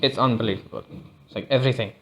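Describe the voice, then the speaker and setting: A man's voice: medium pitch, rapid-fire, a bit bright. Rambling, swearing male podcast host. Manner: rambling, profane, restarts often. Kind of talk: casual solo podcast monologue. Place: lives in India.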